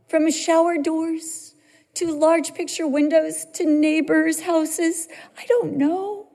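A woman's voice: very high-pitched, steady tone, unhurried, vocal fry, darkish tone. A middle-aged woman preaching a sermon, telling personal stories in a conversational, emotional way. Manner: storytelling, conversational, emotional swings. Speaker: pastor's wife preaching. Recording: long hall reverb.

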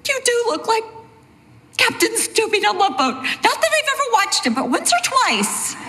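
A wry, teasing mother with a squeaky, sky-high voice , as a woman puts her on. She sounds mock-innocent and playful, with her pitch pushed far above a normal speaking range. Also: very animated, normal speed, sharp tone, exaggerated voice.

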